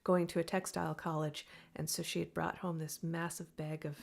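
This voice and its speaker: A woman's voice: deep voice, little pitch movement, moderate pace, vocal fry. A young woman, a singer-songwriter hosting her weekly music show, chatting casually between songs in a rambling, storytelling way. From Canada. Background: her own acoustic guitar.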